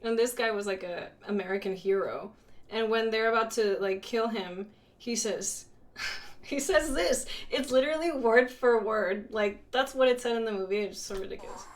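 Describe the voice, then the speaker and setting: A woman's voice: medium pitch, normal speed. A young woman from Mexico chatting casually on a live stream, giggly and full of "like" fillers, switching between English and Spanish.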